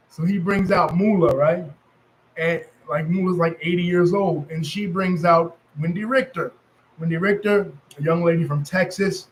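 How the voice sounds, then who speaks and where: Casual male storyteller, New York accent, rambling and self-correcting, a bit high-pitched. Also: steady tone, moderate pace, slight background noise, low-quality recording. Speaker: wrestling history commentator.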